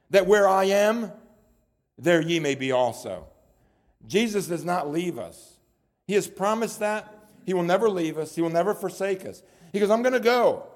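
A man with a high voice preaches a sermon. He speaks earnestly and often repeats words as he builds toward a point.

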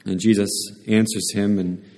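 A man's voice: fairly low pitch, level tone, moderate pace, warm tone. A man preaching, his phrases often restarting as he explains the passage. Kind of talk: sermon. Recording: reverberant hall, speaker off mic.

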